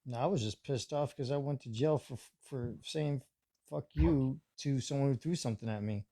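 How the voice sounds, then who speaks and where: A man's voice: mid-range voice, normal speed, mellow. A man in his forties chatting casually on a live stream, telling a story and acting out the voices he quotes.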